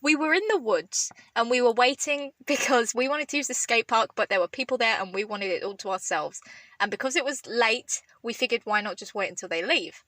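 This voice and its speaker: A young woman in casual podcast chat, throwing out dry, deadpan one-liners. Her voice is bright and a little high, and the recording is close and dry. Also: a little fast, no echo. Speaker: podcast co-host.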